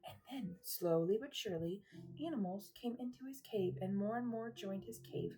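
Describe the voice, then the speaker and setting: A young woman teacher reading a picture book aloud to children in a rhythmic, expressive way, pausing to ask them questions. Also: medium pitch, breathy edge. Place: cozy room at home.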